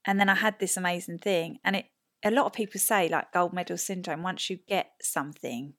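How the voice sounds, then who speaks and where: A woman's voice: fairly low pitch, brisk, a bit bright. A woman in her thirties, a podcast guest, telling a personal story in casual chat and acting out the people she quotes.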